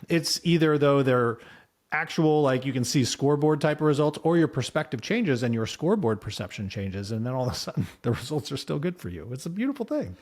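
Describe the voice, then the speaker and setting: A man co-hosting a podcast, speaking in a casual, reflective way and thinking out loud in loose sentences. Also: mid-range voice, big pitch swings, fairly quick. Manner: reflective, talks things through in loose sentences. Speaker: podcast co-host.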